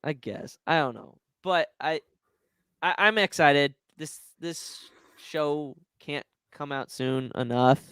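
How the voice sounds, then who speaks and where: A man's voice: on the high side, slow pace, sharp tone, clear, resonant tone, dry recording. A man hosting a podcast, chatting with emotional, gushing enthusiasm. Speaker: podcast host. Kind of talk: casual chat.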